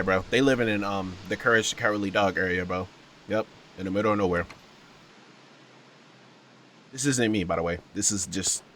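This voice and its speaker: A man's voice, on the low side and a bit bright, comes with a little hiss or hum. He is a gaming YouTuber doing casual let's-play commentary on a horror game, rambling and joking while calling viewers "bro" and "y'all".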